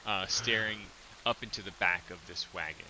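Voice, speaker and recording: A man narrating as game master of a tabletop game, in a halting, hesitant way. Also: deep voice, crowd noise, poor audio.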